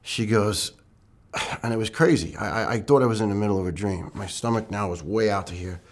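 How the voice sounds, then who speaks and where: A man's voice: on the low side, brisk. A middle-aged man, a longtime first responder, tells his story in an interview, speaking candidly with frequent restarts and repeated words. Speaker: first responder recounting illness. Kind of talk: personal testimony interview.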